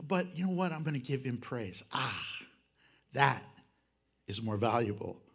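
A man preaching a sermon, animated, acting out quoted voices and swinging between loud and soft. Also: mid-range voice, a little slow, breathy edge. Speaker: pastor.

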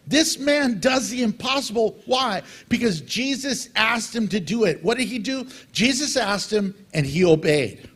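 A middle-aged man preaching a sermon as pastor, animated and acting out little dialogues with God. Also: high voice, moderate pace, hardly any pauses, husky.

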